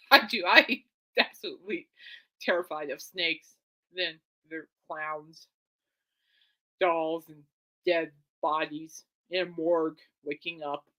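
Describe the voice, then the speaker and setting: A woman hosting her own podcast, rambling casually and excitably, often correcting herself. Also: on the low side. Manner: chatty, excitable, self-correcting. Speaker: podcast host.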